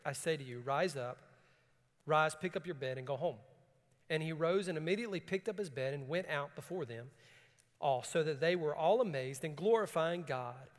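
A man preaching a sermon, swinging from calm scripture reading to rising, emphatic bursts. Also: on the high side. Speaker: pastor. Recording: long hall reverb.

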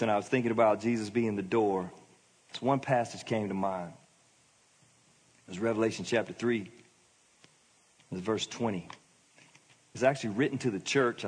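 A man's voice: lowish voice, steady tone, fairly quick, long pauses, husky. A middle-aged male pastor giving a sermon, in a conversational, emphatic preaching manner. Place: church hall. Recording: long hall reverb.

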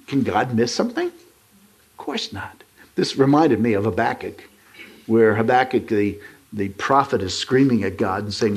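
Man, preacher, sermon, husky, animated pitch, emphatic. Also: a little slow. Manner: emphatic, rising to stress points and addressing the congregation as folks.

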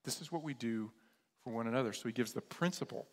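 A pastor preaching a sermon, retelling scripture as a lively story in casual modern terms. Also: male voice, mid-range voice, quick pace, long reverb tail.

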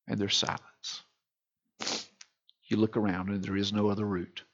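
Male pastor, husky, impassioned pulpit delivery, hushed to loud, muffled recording. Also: lowish voice, little pitch movement, moderate pace, pauses often. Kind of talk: sermon.

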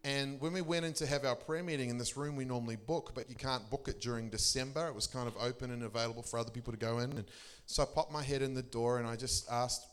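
Animated man preaching a sermon. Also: fast talker, few pauses, clean tone. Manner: animated storyteller, laughing often, pitch leaping for emphasis. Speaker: pastor. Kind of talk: sermon testimony.

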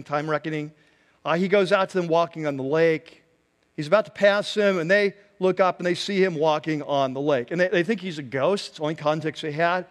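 A pastor with a fairly high voice delivers a sermon, telling the story with animated energy and frequent laughter. His voice carries a long reverb, as if it is filling a large hall.

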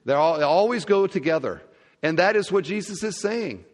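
A pastor giving a sermon, telling stories in a lively way and acting out the scenes. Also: male voice, high-pitched, normal speed. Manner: animated storytelling, acting out scenes. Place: large church hall. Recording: long reverb of a church hall.

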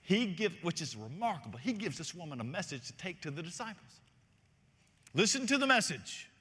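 A man's voice: high voice, big pitch swings, fairly quick, bright, forceful tone, breathy edge, long reverb tail. A man preaching a sermon as senior pastor, emphatic and reading scripture aloud.

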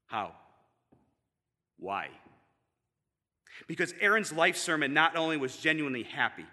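A man's voice: a little high, big pitch swings, a little slow, pauses often, bright, forceful tone. A man speaking at a memorial service, telling stories about a friend and building to emphatic peaks. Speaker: seminary student giving a eulogy. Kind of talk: memorial tribute speech. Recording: long hall reverb.

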